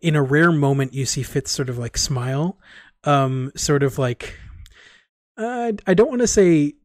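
Halting man narrating a game. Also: fairly high pitch, animated, dry recording, studio quality. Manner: halting, full of fillers like "um" and "like". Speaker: game master.

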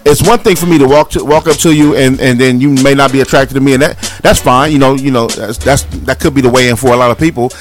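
A man's voice: mid-range voice, fast, hardly any pauses, faint music behind. A man co-hosting a talk show, debating in casual chat and acting out other voices as he argues. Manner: animated, acts out other voices while arguing.

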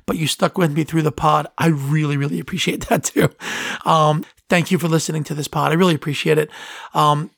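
A man's voice: fairly high pitch, vocal fry, no echo, clean studio sound. A man hosting a solo podcast in casual talk, earnest and sentimental, rambling and often interrupting himself. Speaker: podcast host.

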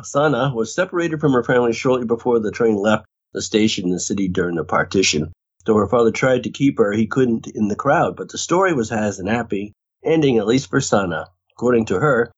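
On dull lo-fi audio, a podcast co-host with a husky, medium-pitched voice talks fairly quickly and animatedly through a TV episode recap. Reading it out, he laughs a lot and imitates the characters in casual conversation.

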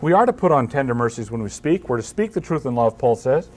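A man's voice: mid-range voice, big pitch swings, quick pace. A man speaking as a pastor at a conference, conversational and emphatic, with wry humor and frequent restarts. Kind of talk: conference talk.

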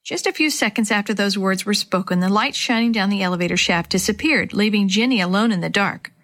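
A gentle woman storyteller reading a children's chapter book aloud. She speaks clearly and warmly to young listeners, with a steady storybook delivery. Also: medium pitch, fairly quick.

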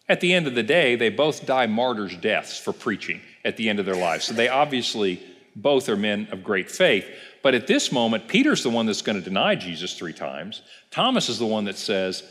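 A man's voice: mid-range voice, sing-song, normal speed, fairly bright tone. A man pastor giving a casual Bible class, telling the story and asking the class questions. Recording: reverberant church hall.

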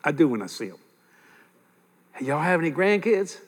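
Older preacher in a reverberant hall. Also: male voice, fairly high pitch, moderate pace, breathy edge. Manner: lively storytelling, chuckling, repeats key points. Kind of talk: sermon.

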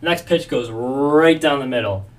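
A man's voice: mid-range voice, unhurried, distant mic. A man co-hosting a casual sports podcast, telling stories animatedly and acting out the quotes. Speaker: podcast co-host.

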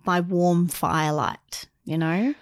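A woman, co-hosting a podcast, speaking softly in casual review chat. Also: lowish voice, fairly even intonation, slow pace, no echo, clean studio sound. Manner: soft-spoken, brief agreeing replies. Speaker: podcast co-host.

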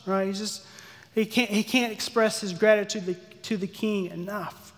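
A man giving a sermon, acting out the characters' pleas with lively energy. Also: sits high, normal speed. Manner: animated, acts out the servant's pleas. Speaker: pastor. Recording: long hall reverb.

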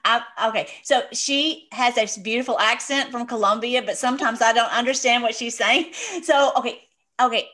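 Chatty woman host, bright higher voice. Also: fairly even intonation, normal speed. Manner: chatty, enthusiastic, interrupts to clarify. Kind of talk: casual interview.

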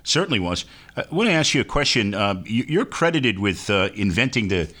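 A man's voice: lowish voice, big pitch swings, fairly quick, fairly bright tone. A man hosting a radio interview, chuckling often and cutting in with short affirmations. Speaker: radio host. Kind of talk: interview chat.

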